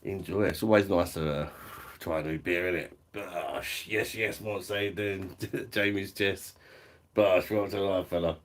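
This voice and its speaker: A man's voice: sits low, steady tone, normal speed. A middle-aged man, chatting casually at home on a live stream, swearing, laughing often and reading out the chat. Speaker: beer reviewer hosting a live stream.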